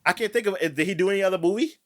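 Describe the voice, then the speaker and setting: A man's voice: sits high, very fast. A man co-hosting a podcast in casual chat, jokey and swearing freely. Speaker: podcast co-host.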